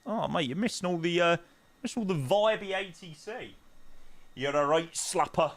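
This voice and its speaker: A man's voice: sits high, animated, moderate pace, no echo. A young man chatting casually on a flight-sim live stream, bantering with chat in slang.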